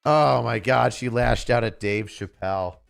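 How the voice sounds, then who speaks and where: A man's voice: medium pitch, a little slow, gravelly, clear, resonant tone. Sarcastic ranting man with music behind. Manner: exasperated, sarcastic ranting with frequent filler words and swearing. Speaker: streamer reacting to a comedy special. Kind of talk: casual reaction commentary.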